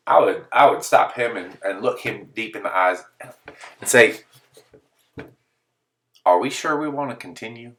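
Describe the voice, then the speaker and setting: A man's voice: lowish voice, a little slow, long pauses, recorded from a distance. A man telling a comedic story in a monologue, full of exaggerated disbelief and acted-out quotes. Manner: animated, exaggerated disbelief, acts out quoted voices.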